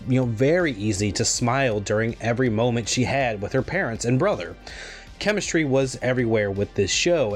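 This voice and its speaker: A man co-hosting a pop-culture podcast, reading recaps and then giving his own review in a casual way. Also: mid-range voice. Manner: reads recaps from script, then chats with fillers. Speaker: podcast co-host.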